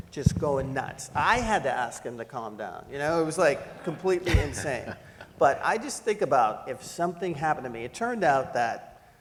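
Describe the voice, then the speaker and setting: A middle-aged man telling a personal story to an audience, animated and laughing as he acts out the voices in it. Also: medium pitch, creaky, in a large hall. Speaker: panel speaker. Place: lecture hall.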